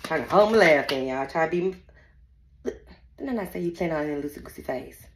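Woman psychic reader, casual and blunt, laughs through her lines, very lively pitch, echoey room. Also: brisk. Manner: laughs often, blunt and profane, talks straight to viewers. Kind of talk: casual spiritual reading chat.

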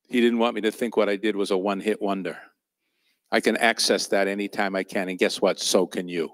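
A man's voice: lowish voice, steady tone, measured pace, pauses often, no room sound, clean studio sound. A man teaching at a church training session, telling personal ministry stories in a conversational, anecdotal way with fillers and chuckles. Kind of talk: storytelling sermon.

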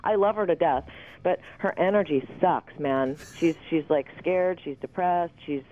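A woman's voice: fairly low pitch, a little slow, a little hiss or hum. A woman in her fifties, a guest in a casual interview, rambling candidly and swearing freely. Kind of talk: casual phone interview chat. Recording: tinny phone line.

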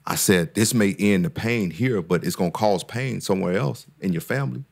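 A man's voice: deep voice, a little fast, creaky, few pauses, breathy edge. A man, a therapist and guest speaker, talking in a casual podcast conversation with an earnest, preacher-like cadence that climbs when he makes a point, often repeating words and restarting sentences.

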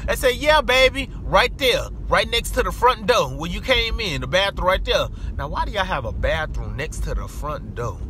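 Man, high bright voice, animated storyteller, in a car with faint road hum behind. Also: moderate pace, few pauses. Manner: animated, talks back at other drivers, acts out quoted people. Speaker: vlogger. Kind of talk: casual storytelling while driving.

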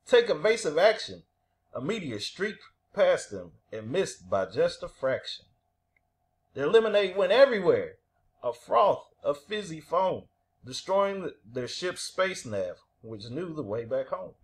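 A man reading a children's picture book aloud with animated storytelling. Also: on the high side, measured pace. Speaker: reader.

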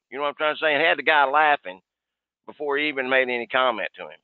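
A man coaching sales staff on a conference call in an energetic, folksy way, often repeating himself. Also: mid-range voice, quick pace, clear, resonant tone, no echo. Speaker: sales trainer. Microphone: conference call line. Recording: tinny phone line.

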